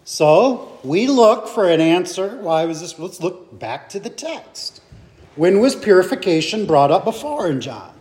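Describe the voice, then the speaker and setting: A man's voice: high voice, very animated, unhurried, darkish tone. A man leading a Bible study group, thinking aloud with rhetorical questions and fillers.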